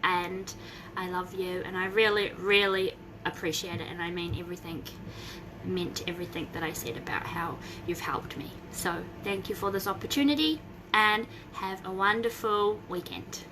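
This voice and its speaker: A young woman, hosting a casual live video from home, rambling and bursting into excited squeals. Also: lowish voice, normal speed, background noise. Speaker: host of a Facebook group live video.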